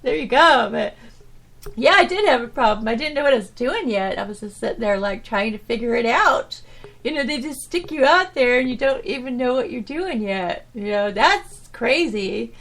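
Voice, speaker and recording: A woman hosting her own podcast, telling stories from her old job in a rambling, animated way, full of restarts and "you know"s. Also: a little high, moderate pace. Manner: animated, swinging from loud to soft. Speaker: podcast host. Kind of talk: casual storytelling monologue.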